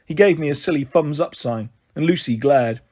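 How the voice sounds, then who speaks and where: A man reading a children's novel aloud, giving an expressive first-person narration. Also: a little high, normal speed. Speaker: storyteller.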